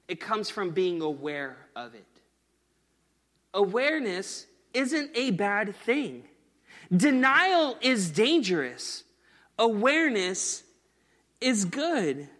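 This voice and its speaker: A male pastor in his thirties delivers a sermon with a high, bright, forceful voice. He talks in an earnest, conversational way. A long reverb trails his words through a large hall.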